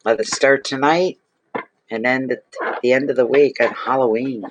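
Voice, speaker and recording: A man's voice: medium pitch, fairly even intonation, normal speed, background noise. A man giving a casual tarot reading to camera, gushing and exclaiming over the cards he draws. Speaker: tarot reader.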